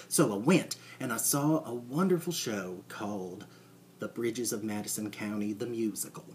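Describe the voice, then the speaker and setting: Rambling deadpan man, low voice. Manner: rambling, halting, full of fillers and restarts. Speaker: comedic character monologue. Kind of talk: deadpan comic monologue.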